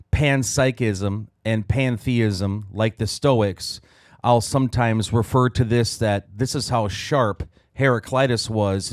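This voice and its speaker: A male host with a fairly low voice speaks in a slow, measured way. He steers the conversation calmly. The sound is dry and close, with no room around it. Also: smooth, dry recording. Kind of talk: casual discussion.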